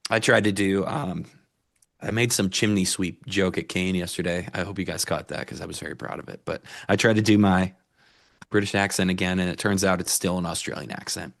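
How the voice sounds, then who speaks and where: A man's voice: deep voice, brisk, gravelly. A man co-hosting a live trading show, talking through chart levels in a laid-back way and laughing easily. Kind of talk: casual trading chat.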